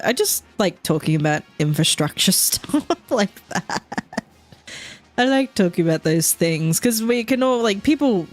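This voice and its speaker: A woman, chatting casually on a gaming stream and rambling, swearing and laughing often. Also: mid-range voice.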